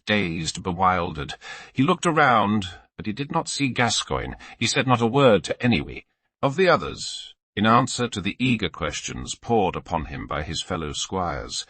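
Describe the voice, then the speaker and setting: A man reading a classic novel aloud as an audiobook narrator, in steady storytelling and voicing the characters. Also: fairly low pitch, unhurried, no room sound.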